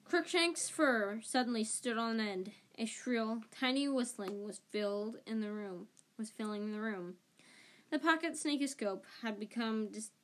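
Woman reading a story with small slips. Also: a little high. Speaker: audiobook reader. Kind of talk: amateur audiobook narration.

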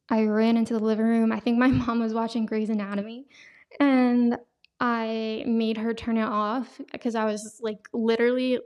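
A young woman hosting a podcast, sharing an emotional personal testimony in a halting way, full of fillers. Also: fairly high pitch, little pitch movement, a little mellow. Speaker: podcast host.

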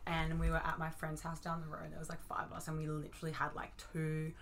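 A young woman co-hosts a podcast and recalls a story in casual chat. Her voice is very low for a woman, and she talks quickly and softly. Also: monotone, a little hiss or hum. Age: young adult. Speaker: podcast co-host.

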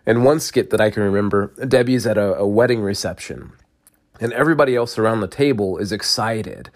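A man preaching a humorous sermon, teasing and laughing often as he talks. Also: lowish voice.

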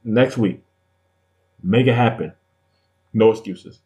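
A man's voice: fairly low pitch, slow, a little mellow. A man co-hosting a podcast from a studio, talking in casual, slangy banter and driving his points home by repeating words. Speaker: podcast co-host.

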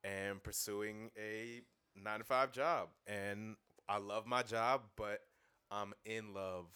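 A man's voice: sits low, bright, forceful tone, clean tone. A young man, a podcast guest, talking earnestly and thoughtfully in casual chat, with many fillers.

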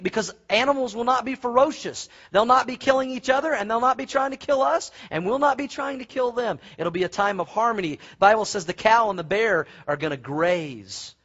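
A middle-aged man preaching a sermon in a folksy, animated way, with asides and stories. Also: high-pitched. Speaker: pastor. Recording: muffled lo-fi sound.

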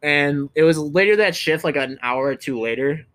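A man's voice: fairly high pitch, moderate pace, fairly bright tone. A young man co-hosting a podcast, telling stories in casual chat, rambling and swearing with lots of restarts. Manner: rambling, profane storytelling with many restarts. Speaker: podcast co-host.

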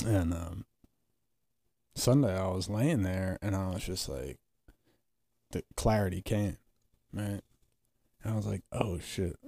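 A man's voice: deep voice, gravelly, dark tone, no echo. A man co-hosting a podcast, telling a story casually and bluntly, with heavy swearing. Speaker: podcast co-host. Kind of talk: casual candid chat.

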